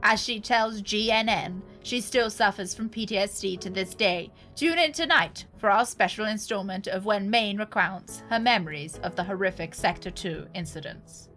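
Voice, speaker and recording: A woman voicing a formal female TV news anchor in a game, reading a news segment in a measured newsreader manner. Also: mid-range voice, a bit bright, soft background music, close to an everyday voice.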